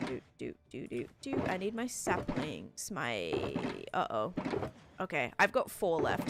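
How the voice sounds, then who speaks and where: A young woman streamer chatting casually while she plays, reading out and answering her viewers in a rambling, friendly way. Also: on the low side. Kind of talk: casual live-stream chat, reading chat aloud. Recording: faint music behind voice.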